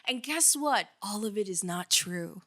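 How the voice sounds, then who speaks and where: A middle-aged woman from Hialeah with a South Florida Miami accent, a radio personality chatting as a podcast guest, quick and animated and swearing freely. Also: mid-range voice. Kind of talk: casual interview chat.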